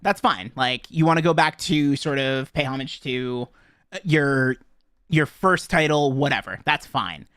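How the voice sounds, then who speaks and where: A man's voice: medium pitch, unhurried, a bit bright, clean tone, dry recording, studio quality. A man co-hosting a casual podcast about a video game, joking and laughing often as he talks. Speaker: podcast co-host.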